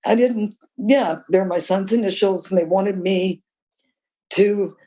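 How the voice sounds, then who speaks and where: A woman's voice: medium pitch, slow pace, low-quality recording. An older woman answering interview questions, candid and emphatic, telling stories from her career. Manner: candid, emphatic, with lively storytelling. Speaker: guest author.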